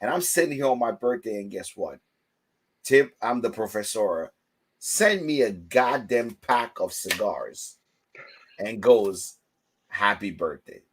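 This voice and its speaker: A man hosting a casual livestream chat, telling stories with lively, loud acted-out quotes. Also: lowish voice, a little slow, breathy edge. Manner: animated storytelling, acts out quotes loudly. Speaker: host.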